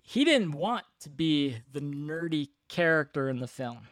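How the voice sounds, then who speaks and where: A chatty man with a slightly high voice, co-hosting a casual movie podcast. He talks fast and laughs easily, recorded dry and close with no room sound. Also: sing-song, fairly bright tone, no room sound. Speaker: podcast co-host.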